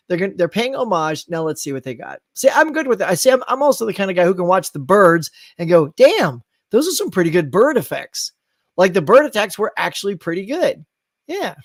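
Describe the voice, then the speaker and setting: Animated man hosting a live stream. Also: high voice, no echo. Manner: animated, breaks into loud acted outbursts. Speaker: host. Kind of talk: live-stream chat reading viewer comments.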